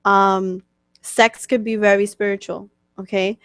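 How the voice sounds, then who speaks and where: A woman's voice: medium pitch, flat delivery, a little slow, a bit bright, clear, resonant tone, dry recording, clean studio sound. New York woman teaching in a chatty way. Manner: chatty, many fillers and "okay?" check-ins. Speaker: spiritual coach hosting a webcast. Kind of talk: casual teaching talk answering questions.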